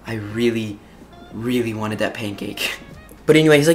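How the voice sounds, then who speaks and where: A teenage boy telling a school story in a casual, excitable way, exaggerating and laughing often. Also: mid-range voice, brisk, soft background music. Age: teens.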